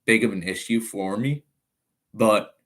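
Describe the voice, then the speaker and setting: His voice is on the low side, a bit bright, and unhurried. A nineteen-year-old from Ireland with an accent that sounds American, he chats laid-back on a live stream, rambling, reading chat aloud, laughing frequently, and leaning on fillers.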